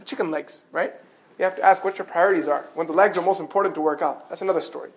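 A man preaching a storytelling sermon, animated and lively, with joking asides to the audience. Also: high voice, fast. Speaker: Islamic preacher.

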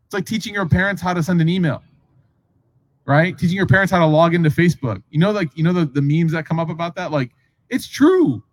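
Relaxed man telling a sermon story. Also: on the high side, quick pace. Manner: casual, acts out dialogue, asks the audience questions. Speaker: Islamic preacher.

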